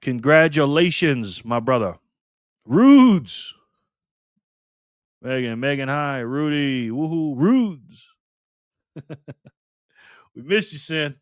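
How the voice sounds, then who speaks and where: A man's voice: medium pitch, measured pace, fairly bright tone, clean tone, dry recording, clean studio sound. A man hosting a casual live stream, cheerfully greeting viewers by name and chatting as he spins a prize wheel.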